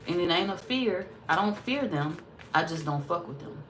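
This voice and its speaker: A woman's voice: fairly low pitch, animated, moderate pace, a bit bright, slight background noise. Blunt, profane woman tarot reader. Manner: blunt, profane, sassy and emphatic. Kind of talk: casual tarot reading monologue.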